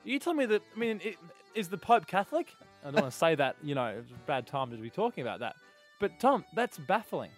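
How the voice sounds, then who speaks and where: A man's voice: high voice, very animated, brisk, faint music behind. A man co-hosting a radio show, playful and full of exaggerated disbelief. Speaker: radio host. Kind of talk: casual radio banter. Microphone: studio microphone.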